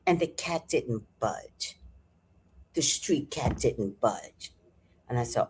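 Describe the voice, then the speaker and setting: A woman vlogger telling a story in a casual, animated and profane way, sighing and clearing her throat often. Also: fairly low pitch, slow.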